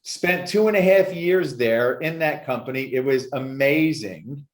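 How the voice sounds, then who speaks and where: A man who works as an addictions success coach, telling his story with emphatic, animated energy in a podcast interview. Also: medium pitch, measured pace. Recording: roomy echo.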